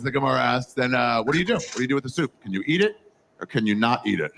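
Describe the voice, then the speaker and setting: Animated gravelly-voiced male stand-up comic. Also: mid-range voice, very fast, background noise. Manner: animated storytelling with crowd work and swearing. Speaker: stand-up comedian. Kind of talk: stand-up comedy set. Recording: live stage recording with loud ambience.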